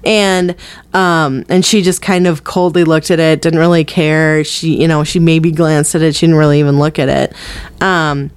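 Low-voiced woman chatting in a dry room. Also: steady tone, moderate pace, smooth, no room sound. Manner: rambling, full of fillers and restarts, laughs easily. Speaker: podcast co-host. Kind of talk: casual film discussion.

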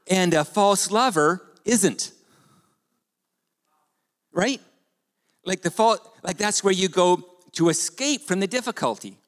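Brief: man preaching in a church hall, raised pitch, very lively intonation, conversational sermon style, echoing sanctuary. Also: unhurried, long pauses. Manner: animated, conversational preaching with rhetorical questions. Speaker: pastor. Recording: long hall reverb.

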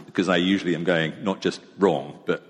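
A man's voice: low-pitched, steady tone, brisk, slightly rough. A middle-aged man, preaching a sermon in a chatty, self-mocking storytelling way. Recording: long echo of a large hall.

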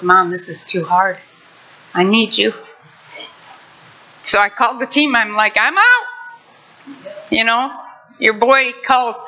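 A woman's voice: fairly high pitch, pushed and bright. An older woman pastor giving a heartfelt, conversational sermon with many restarts. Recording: muffled lo-fi recording.

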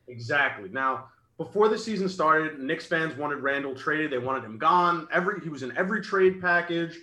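A man's voice: on the high side, animated, normal speed, bright, forceful tone, reverberant, low-quality recording. A man co-hosting a casual sports podcast, speaking earnestly and rattling off statistics.

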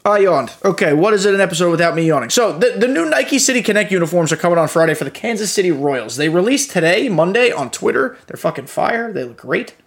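A man's voice: high-pitched, expressive, quick pace, gravelly, hardly any pauses. A young adult man hosting a podcast, giving loose, profane gaming commentary full of fillers. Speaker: podcast host.

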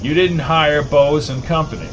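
A man's voice: a little high, moderate pace, background noise, lightly acted. Figure: a man doing a stern, exasperated police chief.

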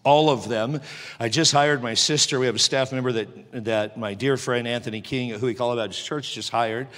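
A middle-aged man preaching a sermon as pastor, moving from joking chat to loud fervent preaching. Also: medium pitch, fairly even intonation, moderate pace, in a large hall.

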